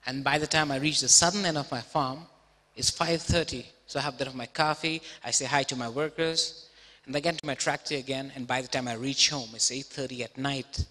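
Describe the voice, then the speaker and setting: A man voicing a boastful male Texan farmer who tells a long story slowly, in a reverberant auditorium. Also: mid-range voice, fairly even intonation, pushed and bright, pitched below the performer's own voice.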